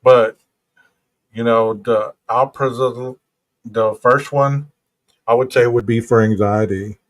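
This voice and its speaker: Man, true crime podcast host, reads documents aloud, chats with listeners between passages, mid-pitched voice. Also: steady tone, slow. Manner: casual, reads documents then comments to listeners.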